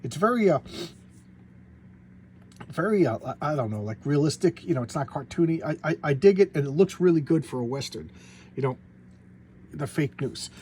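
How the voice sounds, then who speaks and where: Brief: male comic collector, raised pitch, mellow tone, offhand rambling delivery with stumbling restarts. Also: expressive, moderate pace, long pauses, a little hiss or hum. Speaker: comic book collector reviewing back issues. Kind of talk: casual spoken comic review.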